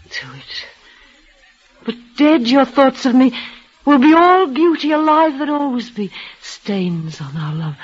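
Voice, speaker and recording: Frail dying young woman, halting and emotional, dull old radio sound. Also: on the low side, breathy edge, heavily acted. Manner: breathless, emotional, halting repetitions. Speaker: leading lady in a radio play. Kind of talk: 1940s radio acting.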